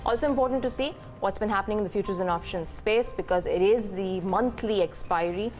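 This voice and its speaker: A woman anchor with an Indian English accent runs a live markets news segment at an ordinary pitch. She keeps it brisk and conversational, with a few light fillers, over faint music. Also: a little mellow.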